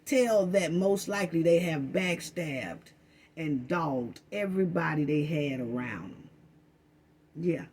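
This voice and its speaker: A woman's voice: medium pitch, darkish tone, slightly rough. A woman delivering an impassioned commentary rant, emphatic and accusatory, hammering the same phrases over and over. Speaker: commentary vlogger.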